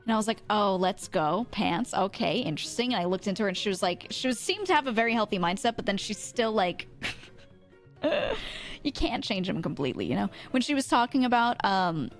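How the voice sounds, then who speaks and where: A woman's voice: medium pitch, big pitch swings, quick pace, faint music behind. A young woman streamer chatting casually, rambling and laughing often. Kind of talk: casual chat.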